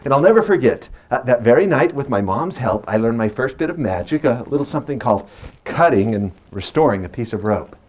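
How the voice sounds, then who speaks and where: Man in his forties, magician's stage patter, playful and teasing, animated melodic voice, stage microphone. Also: mid-range voice, brisk. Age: 40s. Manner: playful and chatty, teasing the audience. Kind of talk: live stage patter with storytelling.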